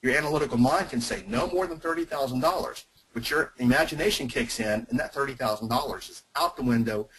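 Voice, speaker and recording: A man runs a teaching webinar on persuasion, his voice a little husky at an ordinary middle pitch. He makes his points emphatically, in short, punchy lines. He speaks directly to the people listening on the call. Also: quick pace, few pauses, a bit bright, low-quality recording.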